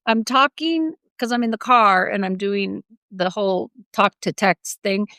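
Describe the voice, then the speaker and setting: A woman's voice: medium pitch, animated, measured pace, bright, forceful tone, no room sound. A woman co-hosting a podcast in casual chat, talking emphatically and laughing often. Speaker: podcast co-host.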